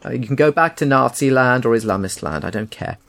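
A man's voice: medium pitch, expressive, quick pace, creaky, a bit bright. A man co-hosting a podcast, arguing his opinions emphatically in casual chat, often restarting his sentences. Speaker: podcast co-host.

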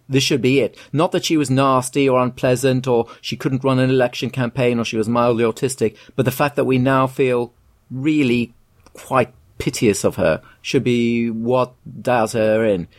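A man's voice: mid-range voice, steady tone, moderate pace, dry recording, studio quality. A man in casual podcast chat, explaining at length and often restarting his words. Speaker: podcast co-host.

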